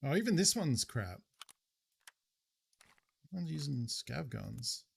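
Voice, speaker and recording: Gravelly, husky male game streamer. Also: medium pitch, sing-song, takes it slowly. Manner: casual, muttering, swears, thinks aloud. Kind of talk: live gameplay commentary.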